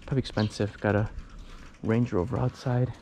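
A man's voice: fairly low pitch, steady tone, brisk, creaky, warm tone, slight background noise. A man vlogging while riding a bicycle outdoors, talking casually in a rambling way with many fillers and restarts, a little out of breath. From United States. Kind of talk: casual chat while cycling.

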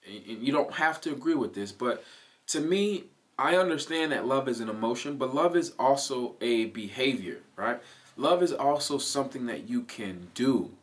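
An earnest man speaks in a middle-pitched voice, coaching the listener through a motivational self-help talk. He repeats his key points and checks in with "right?" asides, recorded close on a studio mic.

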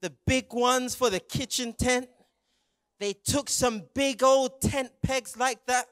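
Very high-voiced young male preacher. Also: steady tone, slow, fairly bright tone, no room sound, studio quality. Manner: vivid, graphic retelling with frequent stammered restarts and audience prompts. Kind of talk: dramatic sermon storytelling to young people.

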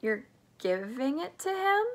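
A woman reading the part of a gentle old grandfather who sounds astonished and stammers. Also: high voice, sing-song, a little fast, pitched above the performer's own voice.

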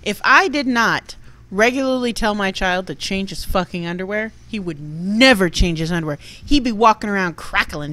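A woman's voice: medium pitch, lively intonation, normal speed, sharp tone. A middle-aged woman co-hosting a casual chat, blunt and crude, swearing freely.

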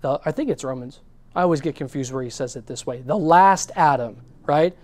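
A man delivers a sermon with a light, high-pitched voice that climbs on emphatic words and sinks into hushed asides. The sound is dry and close, with no room around it. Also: a little fast, no echo. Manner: earnest preaching, rising and dropping between emphatic and hushed. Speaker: pastor.

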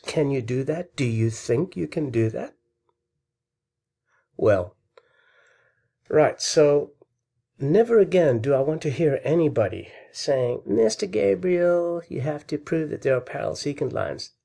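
A man's voice: medium pitch, warm tone, breathy edge. A man hosting a math video, lecturing in an angry, insulting, worked-up rant. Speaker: host of a math channel.

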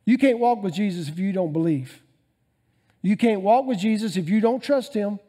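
Animated pastor, high mellow voice. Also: male voice, normal speed. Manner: animated preaching, swings between loud emphasis and quiet asides. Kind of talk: sermon.

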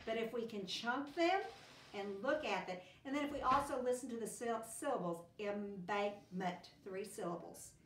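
A woman's voice: on the high side, expressive, moderate pace, a bit bright. A woman teacher giving a phonics lesson to young children, patiently sounding out words in chunks. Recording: roomy, distant classroom recording with faint hiss.

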